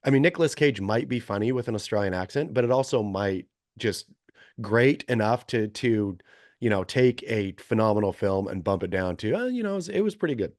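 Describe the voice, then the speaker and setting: A man's voice: fairly low pitch, animated, a little fast, a little mellow, no echo, clean studio sound. A man in his forties co-hosting a podcast, chatting casually and rambling through opinionated asides with frequent self-corrections. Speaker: podcast co-host. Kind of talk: casual chat.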